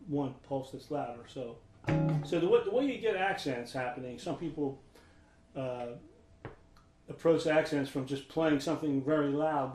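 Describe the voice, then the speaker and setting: A man giving a guitar lesson in a casual instructional way, relaxed and thinking aloud with restarts. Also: medium pitch. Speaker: guitar teacher. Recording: roomy sound with loud guitar. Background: guitar playing.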